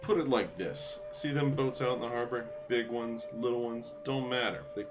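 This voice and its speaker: A man's voice: medium pitch, moderate pace, voice pushed up, lightly acted. A man voicing a boastful tough-guy warehouse guard in a video game, with a put-on Italian-American gangster accent and a threatening, bragging manner. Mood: swaggering. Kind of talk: reading game dialogue aloud. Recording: game music behind. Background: video game music.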